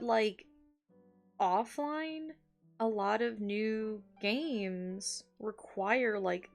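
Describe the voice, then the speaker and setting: Chatty woman streamer with a gravelly edge. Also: mid-range voice. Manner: chatty, rambling with many "like"s, laughs often. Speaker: art streamer. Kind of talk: casual stream chat. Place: home. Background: soft guitar music.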